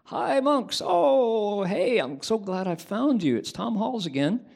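An earnest, eager newspaper reporter pours out his troubles in quick bursts, his voice pitched well above the teller's own, as a man acts him out. The voice keeps a husky, gravelly grain. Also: expressive, exaggerated voice. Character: eager, anxious male newspaper reporter with a temper.

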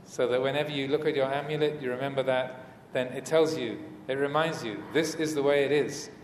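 Faint room noise and an echoey hall surround a Buddhist monk delivering a dharma talk in a mid-range voice. He's brisk with fairly even intonation, yet halting, full of fillers and restarts, and lightly humorous.

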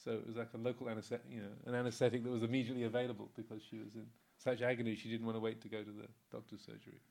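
A man in his sixties, a Buddhist monk, talks informally about the Dharma in an easy, story-driven way, full of fillers and chuckles. His mid-range voice is gravelly, and he speaks very fast.

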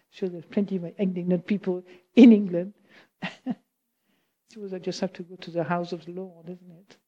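A woman's voice: on the low side, flat delivery, unhurried, long pauses, dark tone, muffled recording. A woman from France with a French accent, a Buddhist teacher answering questions in an informal talk, chatty, laughing often and checking in with her listeners.

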